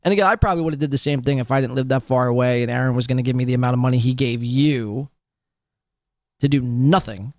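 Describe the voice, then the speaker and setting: A man's voice: medium pitch, fast talker, darkish tone, no room sound. A man hosting a podcast in a casual, crude, mocking way, swearing freely. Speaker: podcast host.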